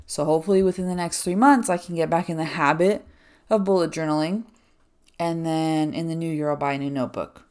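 Low-voiced chatty young woman podcaster. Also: darkish tone. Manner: rambling, chatty, filler-heavy with frequent "like". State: out of breath. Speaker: podcast host. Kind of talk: casual solo podcast chat.

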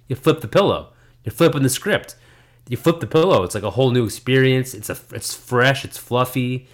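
A man's voice: medium pitch, a little fast. A man co-hosting a podcast, rambling in a laid-back casual chat and restarting his sentences often. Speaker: podcast co-host.

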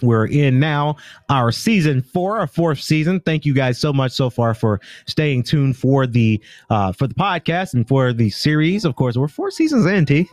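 A man's voice: mid-range voice, animated, normal speed, darkish tone, no echo, studio quality. A man from the United States hosting a podcast, talking through the news in a loose, rambling way and stopping often to correct himself. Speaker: podcast host. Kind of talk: casual podcast commentary.

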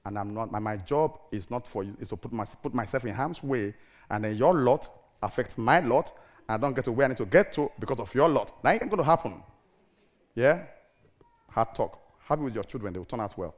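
A middle-aged man preaching a sermon in an animated, theatrical way, firing rhetorical questions at the congregation. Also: medium pitch, brisk.

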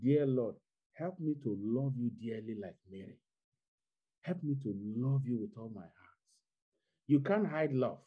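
A man's voice: mid-range voice, expressive, measured pace, slightly rough. Man preaching over lo-fi audio. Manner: repetitive, building to fervent exhortation. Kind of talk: sermon. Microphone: online video call.

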